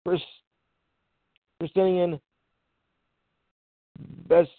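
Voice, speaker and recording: A man's voice: sits high, level tone, very slow, no room sound. A man hosting a casual sports show, reading draft picks and tripping over hard names with offhand asides. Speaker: podcast host reading sports news. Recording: tinny phone line.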